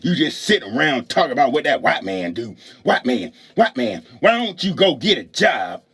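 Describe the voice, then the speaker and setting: A man's voice: mid-range voice, sing-song, moderate pace, fairly bright tone, husky. A man voicing a nagging woman. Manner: nagging, repetitive. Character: nagging woman telling a man to get a job.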